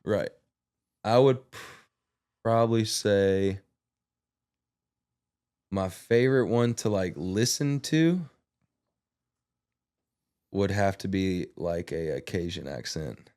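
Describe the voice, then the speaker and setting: A relaxed man co-hosting a podcast, a little hesitant as he picks his words. His voice sits low and comfortable. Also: slow pace, pauses often, clean tone. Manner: relaxed, hesitant, laughs along. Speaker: podcast co-host. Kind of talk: casual chat.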